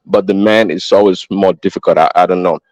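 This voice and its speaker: Low, relaxed man with dry sound. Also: a little fast, dry recording, muffled recording. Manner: relaxed, hesitant, many fillers. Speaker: panel guest. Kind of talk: casual discussion.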